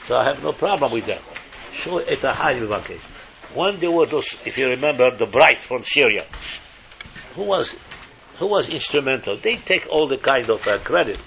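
An older man from Morocco, giving an animated, emphatic storytelling sermon and slipping Hebrew phrases into his English. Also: medium pitch, moderate pace, vocal fry, a little hiss or hum. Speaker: speaker giving a religious talk.

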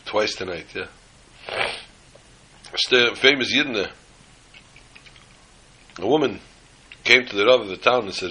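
A man's voice: fairly low pitch, unhurried, pauses often, pushed and bright, a little hiss or hum, low-quality recording. A man telling a story in a sermon, dramatically voicing the characters.

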